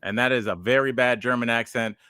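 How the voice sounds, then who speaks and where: Bright, clear-voiced male podcast host. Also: mid-range voice, fairly even intonation, a little fast, dry recording, studio quality. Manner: rambling, digressive storyteller. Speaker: podcast host and stand-up comedian. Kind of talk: casual podcast chat.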